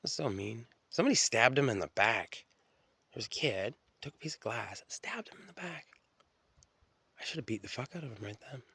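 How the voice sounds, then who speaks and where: A man's voice: mid-range voice, expressive, brisk, creaky, a bit bright, slightly rough, no room sound. A man telling stories in a rambling, profane, stream-of-consciousness solo monologue, often restarting his sentences.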